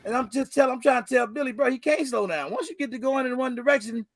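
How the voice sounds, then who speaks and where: A man hosting a casual podcast, telling a story among friends in an animated, slangy way, jumping up in pitch when he quotes people and laughing mid-story. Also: fast talker, no room sound. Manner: animated, acts out quotes with big pitch jumps. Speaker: podcast host.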